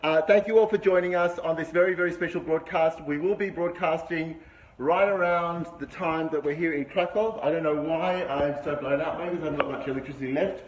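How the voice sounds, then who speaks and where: Broadcasting a vlog live from an indoor room that looks out a window, a middle-aged host greets his viewers by name with enthusiasm. He talks briskly in a steady, slightly high voice over noisy stream audio.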